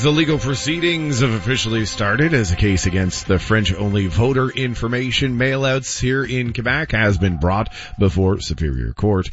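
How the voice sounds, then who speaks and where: A man reading a radio news update in a steady, formal way. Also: on the low side. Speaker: newscaster. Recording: dull lo-fi broadcast audio.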